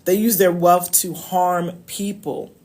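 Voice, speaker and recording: A woman speaking on a live stream as a love coach, her voice pitched a little low. She talks casually and with emphasis, and calls her viewers y'all. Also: level tone, slow pace, a little mellow.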